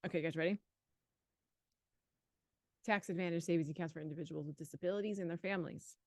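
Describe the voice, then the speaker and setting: A woman co-hosting a live study stream, chatty and quick to laugh. She talks through answers out loud, her voice a little low for a woman. The sound is close and dry, with no room echo. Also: steady tone. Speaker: exam prep co-host.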